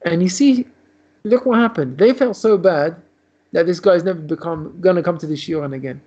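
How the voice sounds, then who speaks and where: A man's voice: sits high, moderate pace, warm tone. A man, a rabbi, teaching a lesson by telling a story in a loose, run-on way over a video call. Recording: dull lo-fi video call audio.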